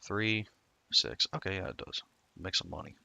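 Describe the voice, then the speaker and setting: A man with a low, gravelly voice chats his way through a game stream, rambling and cutting himself off mid-thought. His tone is bright and forceful, and the recording is close and dry. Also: expressive, normal speed, no echo. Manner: rambling, self-interrupting storyteller. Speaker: gameplay streamer. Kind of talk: casual gameplay commentary.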